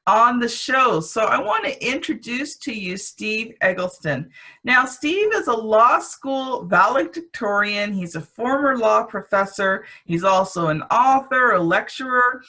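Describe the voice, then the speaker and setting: Woman, Canadian accent, podcast host, slow, bright, enthusiastic. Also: fairly high pitch. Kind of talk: podcast hosting and introductions.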